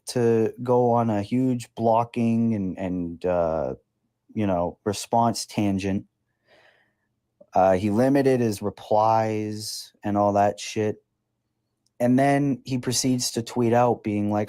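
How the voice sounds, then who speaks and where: A man's voice: fairly low pitch, slow, clean tone. Profane young man ranting on a podcast. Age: 20s. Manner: animated, profane, sarcastic ranting. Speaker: podcast host. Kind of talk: casual ranting commentary.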